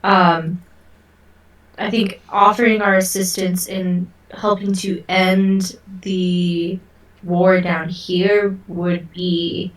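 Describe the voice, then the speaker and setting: Woman player in a relaxed game chat, slow delivery, distant and roomy sound. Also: fairly low pitch. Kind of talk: casual chat at a tabletop game. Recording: roomy echo, voice set back from the mic.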